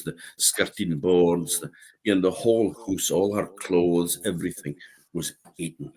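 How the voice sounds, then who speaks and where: A man with an Orkney accent telling a folk tale in a lively, animated way. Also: sits low, husky. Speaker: storyteller.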